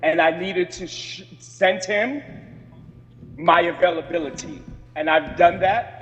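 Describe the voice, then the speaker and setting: A man with a fairly high voice presses his complaint over a video call, aggrieved and insistent, stopping and restarting as he goes. His audio comes through dull and muffled, with a long reverberant tail. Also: fairly even intonation, a little slow, a bit bright. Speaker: community board member. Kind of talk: remote meeting remarks.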